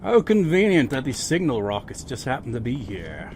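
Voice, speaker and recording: A man's voice: mid-range voice, huge pitch swings, moderate pace, darkish tone, slight background noise. A man giving casual, sarcastic commentary while playing a video game, swearing often and talking back to the characters. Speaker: let's play gamer. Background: game music.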